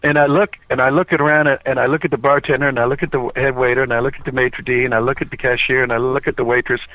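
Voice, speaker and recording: A man's voice: medium pitch, racing, no room sound. Male interview guest, chatty storyteller, thin phone-recorded sound. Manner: animated storytelling with many fillers and restarts. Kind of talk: casual anecdote. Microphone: cell phone. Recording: tinny cell phone recording, dry.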